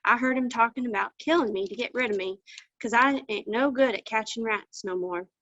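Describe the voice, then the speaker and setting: A pitiful old tomcat with bad teeth is voiced by a woman in a plaintive country drawl from a storybook. The voice sits a little high, and the sound is dull and dry, as on an old lo-fi recording. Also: brisk, a bit bright, no room sound, natural voice.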